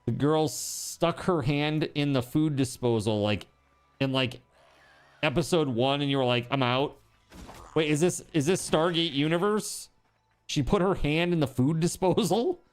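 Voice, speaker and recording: A man's voice: on the high side, unhurried. A man streaming live, chatting casually, rambling and joking, with swearing.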